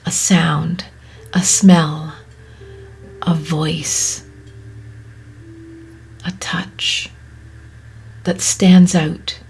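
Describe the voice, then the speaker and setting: A woman hosting a podcast, speaking in a soft, often whispery, reflective way, her voice catching with emotion. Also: fairly low pitch, vocal fry, slight background noise. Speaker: podcast host. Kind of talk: slow reflective monologue.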